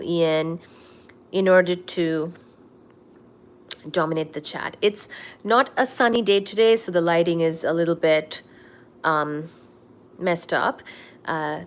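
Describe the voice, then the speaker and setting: Unhurried woman. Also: lowish voice. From India. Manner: chatty, reads viewer comments aloud, coos at her cat. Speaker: livestream host. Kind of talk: casual live-stream chat. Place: at home. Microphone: laptop.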